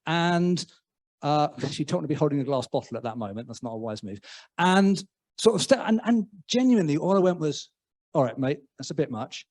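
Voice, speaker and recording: An English man preaching a conversational sermon in church, self-deprecating and humorous, with frequent halting restarts. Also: on the high side, animated, a little mellow.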